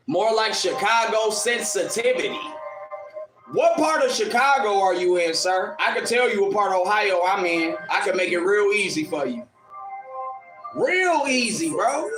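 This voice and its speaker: High pitched dude on a livestream trash talking a commenter, echoey room, music going behind him. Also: male voice. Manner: taunting, mocking, combative, laughs at his critic. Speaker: livestream host answering commenters. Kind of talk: confrontational livestream rant. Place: in Ohio.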